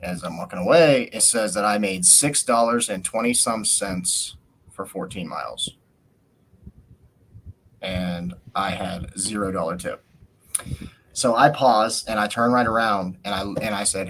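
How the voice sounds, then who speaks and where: A man with a fairly low voice tells a story on a podcast. His rant is animated and full of swearing, and he acts out the lines of the people in it. A faint hum sits under the recording. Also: unhurried. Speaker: podcast host. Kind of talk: casual storytelling.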